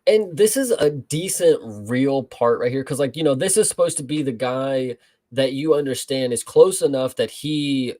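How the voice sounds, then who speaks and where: A man's voice: medium pitch, normal speed, dark tone. A man co-hosting a casual film review, talking in a loose, rambling way with frequent swearing and filler words.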